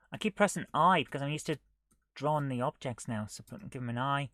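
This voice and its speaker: A man streaming himself coding a retro game live, thinking aloud, muttering half to himself and scolding his software. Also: medium pitch, expressive, brisk, no room sound, studio quality. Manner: muttering to himself while he works, often dropping to a near whisper; chatty and self-mocking, scolding the software.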